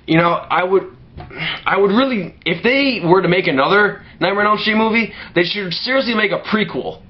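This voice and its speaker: A man's voice: high-pitched, moderate pace, lo-fi sound. A man delivering a profanity-laced movie rant to camera, filling his talk with "you know" and restarting his sentences. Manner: heavy swearing, many "you know" fillers, restarts. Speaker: movie ranter.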